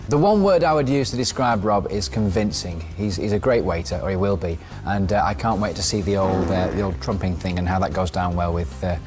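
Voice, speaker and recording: A man's voice: low voice, fairly quick, hardly any pauses, music in the background. A man hosting a children's prank show, jokey and theatrical as he chats with a young helper. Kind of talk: playful presenting to a child.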